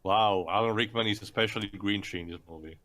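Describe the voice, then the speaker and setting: A man's voice: fairly low pitch, fast, pushed and bright. A man making wry, sarcastic quips during a casual movie commentary. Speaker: commentary group member.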